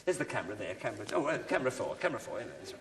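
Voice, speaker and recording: A man's voice: lowish voice, very animated, very fast, fairly bright tone. A middle-aged man hosting a television game show, bantering and teasing contestants with puns. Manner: joking, teasing punning patter. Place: television studio with audience. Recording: reverberant TV studio with audience laughter.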